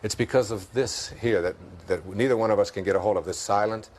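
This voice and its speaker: Here the Detroit-accented guest talks quickly in a lowish voice, with slight background noise. Interviewed about spiritual ideas, he stays reflective and laughs often through his stories.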